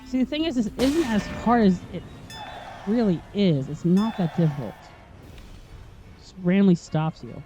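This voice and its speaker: A let's-play host with a mellow, dark tone whose voice is wearing hoarse. They talk through gameplay, griping and swearing as the game fights back. Faint game music plays underneath. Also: mid-range voice, lively intonation, moderate pace, pauses often. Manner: easily frustrated, swearing and complaining at the game. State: hoarse, voice going. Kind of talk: gameplay commentary.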